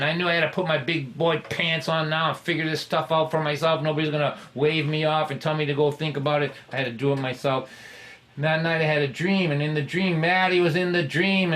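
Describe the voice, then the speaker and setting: A man telling a personal story in a conversational, halting way, with self-deprecating humor. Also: on the high side, a bit bright.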